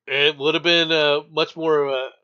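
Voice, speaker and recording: High bright-voiced man hosting news chat. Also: flat delivery, normal speed, smooth. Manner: reads stories with joking asides and laughs. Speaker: news review podcast host. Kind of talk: casual comic news chat. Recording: dull lo-fi sound.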